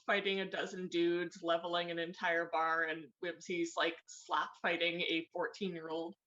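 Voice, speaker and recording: A woman's voice: lowish voice, flat delivery, normal speed, a bit bright, lo-fi sound. A woman explaining her moves as a player in a chatty, filler-heavy way. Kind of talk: casual tabletop play.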